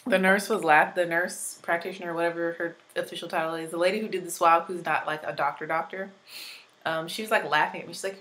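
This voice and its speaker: Twenties female vlogger, lowish pitch, casual filler-heavy tutorial chat, just getting over an illness. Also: steady tone, fast, a bit bright, rough recording. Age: 20s. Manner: chatty, rambling, many "like" fillers. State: recovering from illness. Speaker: beauty vlogger.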